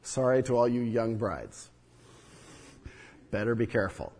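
Male pastor, husky and a touch high, earnest sermon delivery with asides to the congregation, reverberant church hall. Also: expressive, a little slow, a little mellow. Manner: earnest teaching with rhetorical questions and asides to the congregation.

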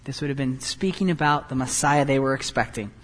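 A man preaching a sermon as pastor, animated, moving between quiet and loud passages. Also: mid-range voice, a little fast, big-room sound.

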